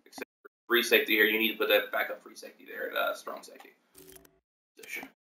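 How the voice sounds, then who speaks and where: A man's voice: fairly low pitch, completely flat delivery, quick pace, bright, forceful tone, distant mic. A man hosting a casual livestream, rambling through team lineups with many fillers and self-corrections. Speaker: league host reviewing team depth charts. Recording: echoey room, voice off the mic.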